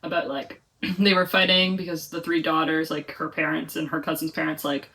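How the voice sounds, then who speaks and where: Young woman vlogger, lowish voice, loose chatty rambling, mic set back a little. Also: flat delivery, moderate pace, bright, forceful tone. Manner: chatty, rambling, many "like" fillers. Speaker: book vlogger. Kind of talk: casual reading vlog chat. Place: home, reading in bed or on couch. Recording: voice a bit far from the mic.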